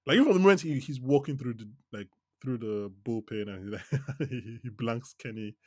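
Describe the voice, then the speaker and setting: A man co-hosting a podcast in a casual TV recap chat, animated, laughing often and restarting his sentences. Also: medium pitch, moderate pace, no echo, studio quality. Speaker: podcast co-host.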